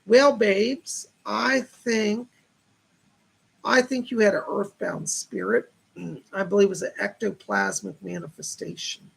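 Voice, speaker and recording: A man with a heavily gravelly voice hosts a live psychic reading stream. His tone is husky and a little rough. He talks in an earnest, reassuring way and blesses his viewers. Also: sits high, fairly even intonation, a little slow, fairly bright tone. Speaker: psychic medium host.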